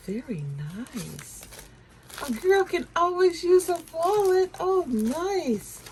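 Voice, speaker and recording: Slow-talking woman gushing over an unboxing. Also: a little high, a little mellow, low-quality recording. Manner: gushing, breathy exclamations of delight. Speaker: unboxing vlogger. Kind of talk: casual unboxing chat. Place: at home desk.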